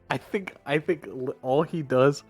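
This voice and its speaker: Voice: medium pitch, takes it slowly, husky, soft background music. A player in a tabletop game, giggly and hesitant. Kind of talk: casual tabletop play.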